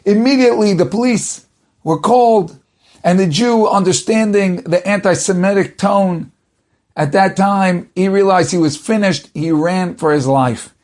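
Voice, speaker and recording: A man's voice: high-pitched, measured pace, darkish tone. A man, a rabbi, telling a story in a dramatic, varied way. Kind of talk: storytelling talk.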